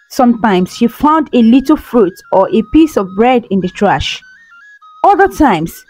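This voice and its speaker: A woman's voice: mid-range voice, a little mellow, no room sound, poor audio. Earnest woman narrating a folktale. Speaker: storyteller.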